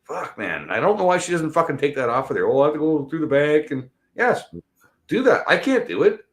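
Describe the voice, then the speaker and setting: A man's voice: fairly high pitch, very animated, brisk. A man ranting bluntly and angrily in a casual chat, swearing constantly. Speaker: podcast co-host.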